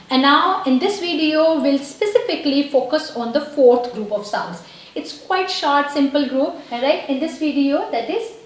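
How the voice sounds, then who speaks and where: A French teacher with a high voice gives a language lesson, patiently explaining and repeating words and checking in with her viewers. The low-quality recording is very echoey.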